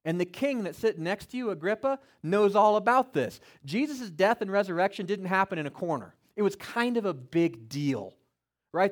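A male pastor preaching with a high voice that swings widely from low asides to soaring peaks. He speaks in the first person for the figures in his text and climbs louder as his point builds. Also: animated, moderate pace. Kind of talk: sermon.

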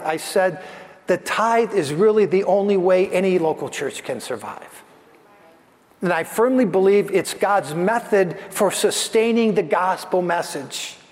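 A man preaching as a pastor, his voice pitched notably high for a man. He speaks earnestly and stacks repeated phrases to build each point. His words ring with the long reverb of a big church hall. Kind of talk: sermon.

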